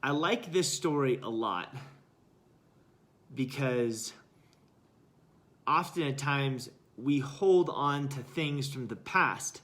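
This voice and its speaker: A male life coach talks on a live stream at an unhurried pace. He is earnest and emphatic, repeating short phrases to drive each point home. His pitch sits in an ordinary middle range. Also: fairly bright tone. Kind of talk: live-stream motivational talk.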